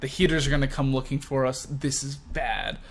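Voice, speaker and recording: A man voicing a gruff, blunt male warrior in his own casual way while he retells a comic story. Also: medium pitch, level tone, a little fast, lightly acted. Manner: casual, swears.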